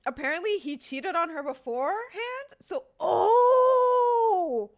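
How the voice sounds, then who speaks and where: A young woman in her twenties chatting casually with her viewers as a livestreamer, telling stories in an animated, laughing way with some swearing. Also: very high-pitched, slow.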